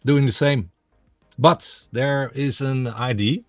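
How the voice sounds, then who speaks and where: Halting man, dry sound. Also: medium pitch, dry recording, soft background music. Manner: halting, many fillers while searching for English words. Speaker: guest, radio host and music blogger. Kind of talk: interview answers in a second language.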